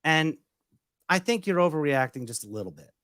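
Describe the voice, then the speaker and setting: A man's voice: fairly high pitch, expressive, a little fast, fairly bright tone, no room sound, clean studio sound. A man playing a blustery, hot-tempered husband. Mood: defensive. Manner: escalating, blustery, sarcastic. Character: defensive, hot-tempered husband in an improv scene. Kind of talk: improv scene.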